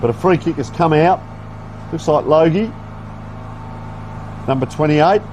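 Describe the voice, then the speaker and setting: Male commentator, folksy live play-by-play, slightly high voice, faint outdoor noise behind. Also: a little slow, darkish tone. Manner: chatty, folksy play-by-play with asides. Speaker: sports commentator. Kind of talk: live local football commentary. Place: outdoor football ground.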